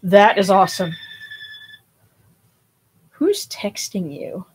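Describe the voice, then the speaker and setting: A woman, husky and a bit out of breath, hosts a casual livestream. She rambles warmly through fillers and restarts at a middling pitch. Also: animated, slow. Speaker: host of a spiritual livestream.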